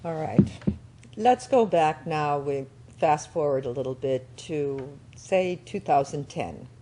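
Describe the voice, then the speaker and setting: A woman's voice: low voice, lively intonation, slow pace, background noise. A woman hosting an interview, asking questions and encouraging her guest with short affirmations. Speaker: interviewer, host.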